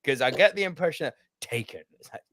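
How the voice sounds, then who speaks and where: A young man co-hosting a casual podcast, talking in an animated, emphatic way with plenty of swearing. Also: on the high side, quick pace, no room sound, studio quality. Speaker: podcast co-host.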